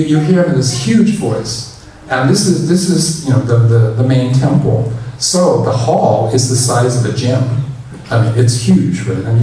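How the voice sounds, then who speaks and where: A man giving a relaxed, chatty dharma talk as a temple minister and leading loud chanting. He is recorded in a big, very echoey temple hall from some distance. Faint room noise sits behind him. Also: mid-range voice.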